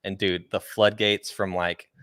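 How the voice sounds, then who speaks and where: A man's voice: low voice, flat delivery, unhurried, fairly bright tone, clear, resonant tone, no room sound, studio quality. A young adult man co-hosting a podcast in casual, jokey chat, often trailing off mid-sentence. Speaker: podcast co-host.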